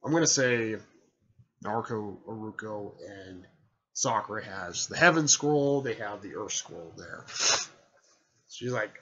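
Guy rambling through a story retelling, husky voice, kinda dull lo-fi sound. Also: fairly low pitch, expressive, a little slow, long pauses, pushed and bright. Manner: rambling, repeats "there" and "stuff like that".

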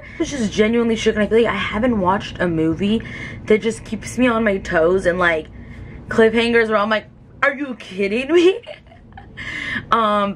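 A woman's voice: mid-range voice, a little hiss or hum. A young woman in a casual beauty vlog, talking emotionally to camera with lots of "like" fillers. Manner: chatty, emotional, many "like" fillers. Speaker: beauty vlogger.

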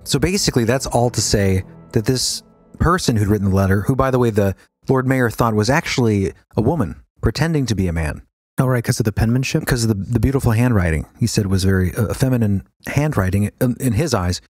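Rambling podcast host, dry mic. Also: male voice, medium pitch, expressive, brisk, darkish tone, breathy edge, no echo. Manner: rambling, hesitant, with fillers. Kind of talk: casual podcast chat.

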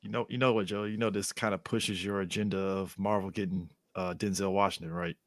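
A man co-hosting a podcast in casual chat, an animated storyteller who laughs often and acts out quoted lines. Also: low voice, a little fast, dry recording, studio quality. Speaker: podcast co-host.

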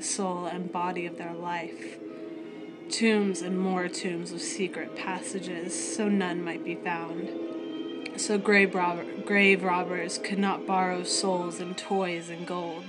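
A woman reading a story aloud as narrator, in a measured, steady manner. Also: lowish voice. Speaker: audiobook reader.

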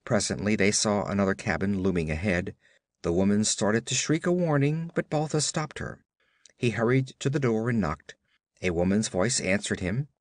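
A man giving expressive, dramatic audiobook narration of a pulp adventure. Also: lowish voice, moderate pace, no room sound, clean studio sound.

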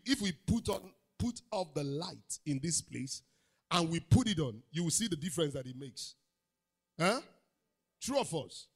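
A man with a Nigerian English accent preaches to a congregation in a church auditorium. His voice sits high and bright, and it swings widely in pitch. He calls out to the crowd and climbs into shouted lines. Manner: preaching with crowd call-outs, swelling into shouts. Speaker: pastor. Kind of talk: sermon.

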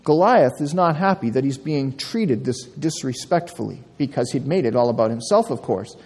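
A male pastor preaching a sermon, telling a story with lively delivery and acting out the quotes. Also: medium pitch, normal speed. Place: church sanctuary. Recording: long church reverb.

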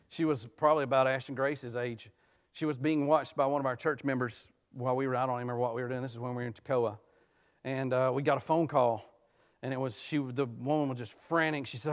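A man, a guest preacher, delivering a conversational sermon in a church, telling family stories and swinging between quiet, talky passages and sudden loud rises. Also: mid-range voice. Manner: tells personal family stories, laughs often. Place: church sanctuary.

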